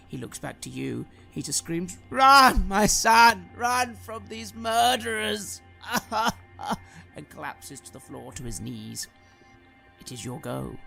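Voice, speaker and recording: Male game master, gravelly, dramatic horror narration, mid-range pitch. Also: a bit bright.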